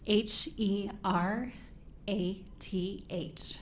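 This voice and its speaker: A woman's voice: mid-range voice, steady tone, drawn-out words, noisy background. A middle-aged woman from Idaho giving nervous, careful testimony as a witness at a microphone in a courtroom. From Idaho, USA. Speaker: trial witness. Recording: echoey courtroom audio.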